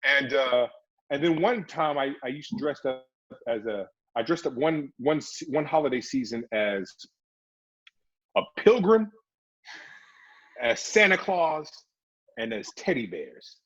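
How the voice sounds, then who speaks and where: Actor guest, male, husky tone, animated storyteller, dull lo-fi interview audio. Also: medium pitch, unhurried. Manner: animated storyteller, slips into put-on voices. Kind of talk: casual interview chat. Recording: dull lo-fi recording.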